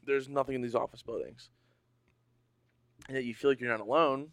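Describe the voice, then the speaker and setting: A man co-hosting a casual podcast, talking excitedly and stammering a little as he gets spooked. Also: mid-range voice, brisk, no room sound. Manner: excitable, easily spooked, stammers when nervous. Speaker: podcast co-host. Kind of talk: casual chat.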